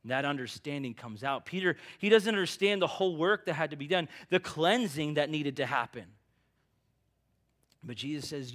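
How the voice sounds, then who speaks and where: A man's voice: on the high side, animated, normal speed, a bit bright. A male pastor preaching a sermon in an earnest, emphatic, conversational way.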